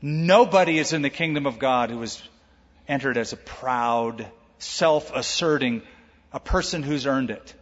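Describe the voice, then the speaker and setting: A man pastor preaching a sermon, lively, acting out quoted voices with humor. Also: medium pitch, measured pace. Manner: animated, acts out quoted voices with jokes. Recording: echoey hall, dull lo-fi sound.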